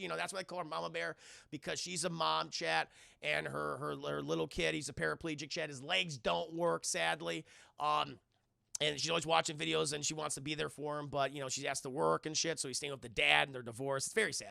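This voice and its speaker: A man's voice: sits high, moderate pace, gravelly, bright, forceful tone, dry recording, studio quality. A young man streaming a casual, profane film recap to his live chat, acting out the characters' lines as he goes. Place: home streaming setup.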